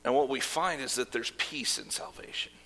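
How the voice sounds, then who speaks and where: Bright-voiced preacher in a reverberant hall. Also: male voice, mid-range voice, normal speed. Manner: earnest preaching with casual asides and fillers. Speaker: pastor. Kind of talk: sermon.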